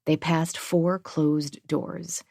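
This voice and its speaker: A woman narrating a thriller audiobook in a steady, even reading. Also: deep voice, very slow, vocal fry, dry recording, studio quality.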